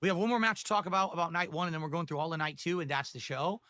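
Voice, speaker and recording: A man's voice: on the high side, very fast, sharp tone, dry recording, clean studio sound. Chatty male wrestling stream host. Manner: chatty, asks chat for support, restarts a lot. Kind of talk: casual live-stream wrestling chat.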